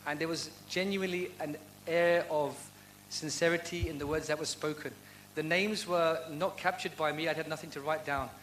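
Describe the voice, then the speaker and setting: A man's voice: fairly high pitch, fairly even intonation, moderate pace, a bit bright, poor audio. A man with a slightly raised voice answers questions at a university event, sincere and heartfelt. He speaks in an earnest devotional style and leans on rhetorical questions. A faint hum sits under his voice. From United Kingdom. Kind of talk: devotional talk and Q&A.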